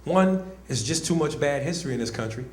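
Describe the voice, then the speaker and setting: A man doing stand-up comedy, loud and animated, often shouting. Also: a little high, fairly quick. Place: comedy club stage. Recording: echoey club with crowd noise.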